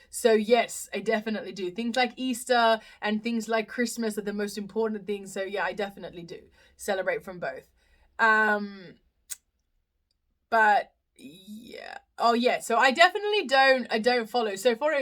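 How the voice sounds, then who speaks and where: Chatty young aussie-born woman on a phone livestream, kinda high and really bright, giggly, lots of ums. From Australia. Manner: chatty, giggly, many fillers and restarts. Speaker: host of a live Q&A stream. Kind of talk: casual live-stream chat answering comments. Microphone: phone live stream.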